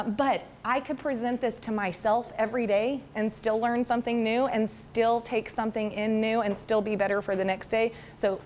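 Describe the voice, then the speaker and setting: A chatty woman talks to a room of parents as a counselor, her voice a little high. She is self-deprecating and easygoing. A faint hiss sits under her voice. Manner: chatty and self-deprecating, acts out funny stories. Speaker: counselor giving a parent talk. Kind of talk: lively public talk to parents. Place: school meeting room with an audience.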